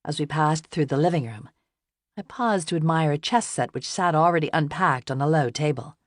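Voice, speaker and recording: A woman reading a novel aloud as an audiobook narrator, in gentle, even first-person storytelling. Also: low voice, moderate pace, no room sound, clean studio sound.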